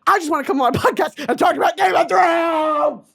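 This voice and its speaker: A woman's voice: extremely high pitch, fairly quick, gravelly, few pauses, raised voice. A young adult woman hosting a podcast, chatting casually and animatedly, laughing often and swearing freely into a studio mic. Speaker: podcast host.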